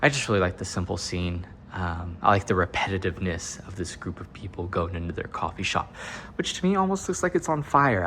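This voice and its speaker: Chatty low-voiced man touring a house. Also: sharp tone, a little hiss or hum. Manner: chatty, upbeat, jokey asides. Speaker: real estate agent giving a home tour. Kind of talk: casual walk-through tour narration. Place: indoors in an empty house, walking room to room.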